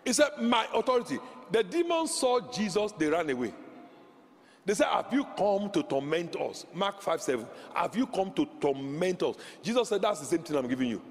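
A man preaching a charismatic sermon, shouting declarations, speaking in tongues and leading the congregation in call-and-response. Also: high voice, sing-song, moderate pace. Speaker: pastor. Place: large church sanctuary. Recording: reverberant church hall.

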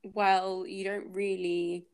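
A woman's voice: mid-range voice, flat delivery, takes it slowly, a little mellow, clear, resonant tone. A woman hosting a casual book-club podcast, thinking aloud and hesitating with many fillers as she talks through a chapter.

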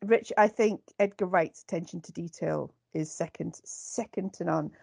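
Woman, podcast co-host, casual film chat, gravelly, dry. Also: lowish voice, moderate pace, darkish tone, no echo.

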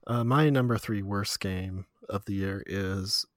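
A man's voice: on the low side, unhurried, no room sound, clean studio sound. A man co-hosting a casual podcast chat, talking in a laid-back way with frequent ums and laughs. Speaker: podcast co-host.

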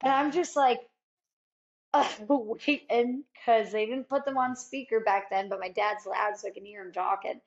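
A woman talking as a podcast guest, animated and often laughing as she tells a personal story and acts out other people's lines. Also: fairly high pitch, moderate pace, vocal fry, lo-fi sound. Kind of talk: casual storytelling.

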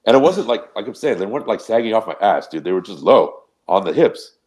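A man with a very low, deep voice tells a loose, rambling story on a podcast. He swears freely and keeps the tone casual and animated, with a lot of asides. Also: fast. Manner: rambling, profane, animated anecdote. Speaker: podcast co-host.

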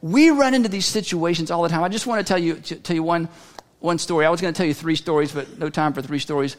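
A man preaching a sermon as a pastor, telling a story in a conversational way with halting restarts. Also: fairly high pitch, a bit bright. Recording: long hall reverb.

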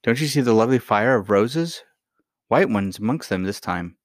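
A man's voice: fairly low pitch, lively intonation, normal speed, dry recording, studio quality, voice pushed up, close to an everyday voice. A man reading a storybook, voicing a young princess, a little girl who talks in an eager, pleading way.

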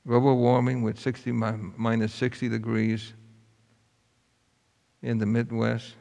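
A preacher tells a story in a folksy, earnest way, his voice gravelly at mid pitch. The sound carries a long reverb from a large hall. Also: little pitch movement, measured pace, darkish tone. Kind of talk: sermon storytelling.

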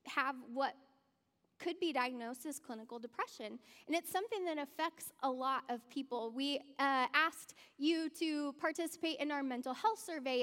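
A woman speaking in a church, giving a conversational sermon and addressing the congregation directly. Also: high-pitched. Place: church hall. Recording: long church-hall reverb.

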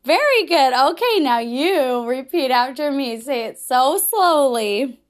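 A woman teaching a children's class, speaking slowly and with exaggerated, bubbly emphasis for young kids. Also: sits high, expressive. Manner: bubbly, frequent laughs. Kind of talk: children's lesson, sing-along.

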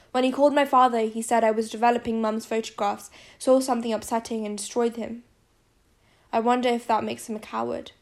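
Female narrator, slightly high, creaky and level, steady first-person reading. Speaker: audiobook narrator.

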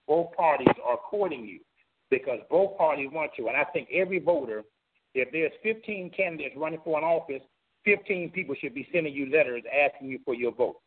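A man's voice: fairly high pitch, animated, a little fast, phone-quality sound. A man from Florida, a guest on a talk show, telling a personal story earnestly and acting out the voices he quotes. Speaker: guest, former governor candidate.

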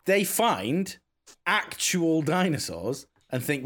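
A man's voice: fairly high pitch, animated, normal speed. A man co-hosting a podcast, chatting about a film with sarcastic jokes. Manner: jokey, sarcastic. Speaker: podcast co-host. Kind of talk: casual film chat.

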